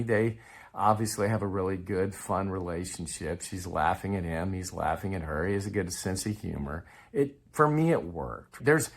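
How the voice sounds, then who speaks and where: A man from Texas, explaining language-learning methods in a casual, conversational way to his viewers. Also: deep voice. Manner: conversational, with restarts and chuckles. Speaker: Spanish learning coach. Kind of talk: casual explanatory talk to camera.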